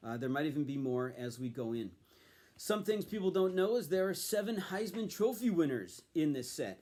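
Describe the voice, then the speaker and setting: A man's voice: a little high, a little mellow. A man casually reviewing a sports card set, chatty and explanatory, with frequent ums and uhs. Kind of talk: casual show-and-tell review.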